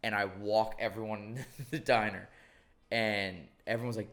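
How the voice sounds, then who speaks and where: A man's voice: fairly low pitch, steady tone, normal speed, fairly bright tone. A young man hosting a podcast, telling stories in a loose, rambling way and swearing freely. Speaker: podcast host. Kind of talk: casual chat.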